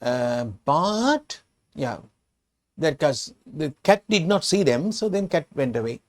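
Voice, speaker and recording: A Sri Lankan English-accented man teaching English, retelling a storybook and explaining each word. He talks slowly and repeats himself with many restarts, in a voice a little higher than most men's. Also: big pitch swings. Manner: slow, repetitive explanations with restarts.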